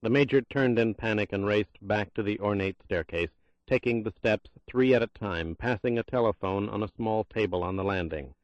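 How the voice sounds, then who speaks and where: A man reads a thriller audiobook with a tense, measured delivery. His voice is on the low side, recorded dry with a slightly dull, muffled top end. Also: no echo. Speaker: audiobook narrator. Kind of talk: scripted thriller narration.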